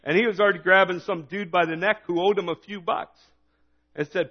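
A man preaching a sermon in a relaxed, conversational way, reading scripture and retelling it in his own words. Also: high-pitched, brisk. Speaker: pastor. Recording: dull lo-fi recording.

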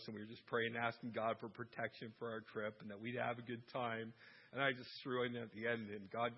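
Husky-voiced man sharing family faith stories. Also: mid-range voice. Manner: warm storytelling, laughs at himself. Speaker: Christian speaker on family life. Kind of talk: casual talk on faith and parenting. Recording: dull lo-fi sound.

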